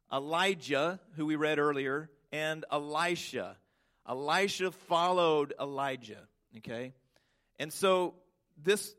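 A man preaching a Sunday sermon as pastor, asking the congregation rhetorical questions and drawing out key words slowly for emphasis. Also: on the high side, bright, forceful tone.

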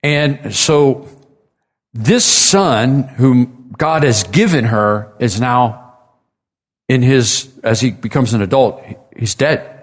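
A man's voice: mid-range voice, slow. A man preaching a sermon, retelling a story with casual asides and acted-out quotes.

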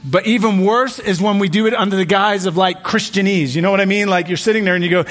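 A young male pastor preaching in a relaxed, conversational way, with joking asides and frequent restarts, in a church. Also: high-pitched, quick pace. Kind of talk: sermon.

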